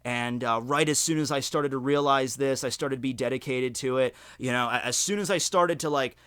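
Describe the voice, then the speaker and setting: A man voicing an old high school friend, a laid-back guy who talks flat and deadpan in a low mumble. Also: a little fast, clean tone, close to an everyday voice.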